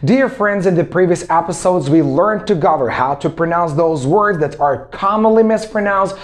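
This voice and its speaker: A man teaching English in an online lesson. He talks in a motivational way and repeats words slowly so learners can drill them. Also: high voice. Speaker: English teacher and self-improvement coach.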